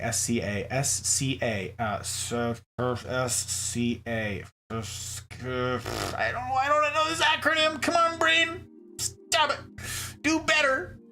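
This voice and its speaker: A man from Nevada chatting casually on a livestream as he reads his chat, joking and swinging between high and low voices. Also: sharp tone. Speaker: streamer reading chat.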